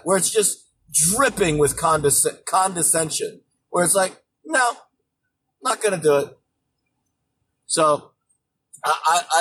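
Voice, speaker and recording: A man's voice: on the high side, a bit bright, far from the mic, a little hiss or hum, rough recording. A man hosting a political show, ranting in a profane, mocking way about politicians. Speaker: political podcast host. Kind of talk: opinionated political commentary.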